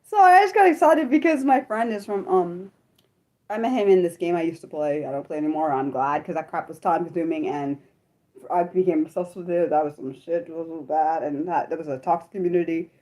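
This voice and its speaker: Expressive woman livestreamer, self-deprecating. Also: brisk. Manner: expressive, swinging from laughing squeals to low mutters; self-deprecating and apologetic, with frequent swearing. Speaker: livestream host. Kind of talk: unscripted livestream chat with viewers.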